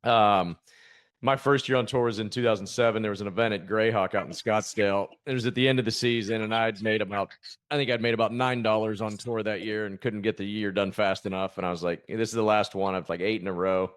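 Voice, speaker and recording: A man with a somewhat low voice hosts a casual podcast chat at a fast pace. He jokes and laughs easily as he trades stories with his guest. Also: steady tone, clear, resonant tone. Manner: joking, laughs easily, quick banter. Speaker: podcast host, former pro golfer.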